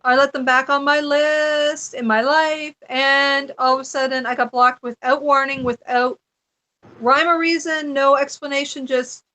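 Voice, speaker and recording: Speaking a little slowly in a high voice, a middle-aged woman shares a personal story as a guest on a relaxed podcast. She stays chatty and animated, with frequent laughter along the way.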